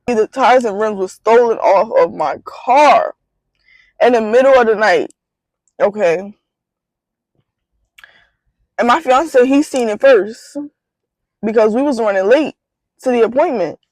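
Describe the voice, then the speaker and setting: A young woman tells her story straight to the camera in a casual vlog. Her voice sits a little high and swings into animated disbelief. The sound is dry and close, as from a phone. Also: unhurried, pauses often, no echo, rough recording. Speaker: vlogger.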